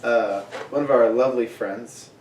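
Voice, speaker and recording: A young man telling a casual story among friends, animated, with lots of "I was like.". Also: mid-range voice, normal speed. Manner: animated, acts out quotes, keeps saying "I was like". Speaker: podcast co-host. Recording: echoey room, mic at a distance, faint hiss.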